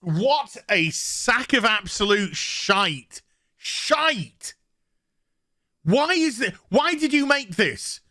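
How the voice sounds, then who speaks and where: A man's voice: high voice, very animated, very slow, bright, forceful tone, dry recording, clean studio sound. A man delivering an angry, sarcastic, sweary review rant to his channel. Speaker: YouTube reviewer. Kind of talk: ranting review vlog.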